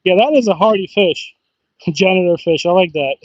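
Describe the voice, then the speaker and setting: High-voiced excitable man fishing outdoors. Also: moderate pace, no echo, dull audio. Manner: excitable, chatty, bursts into whoops and laughs. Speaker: fishing livestreamer. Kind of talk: casual live-stream chat. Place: outdoors by the water.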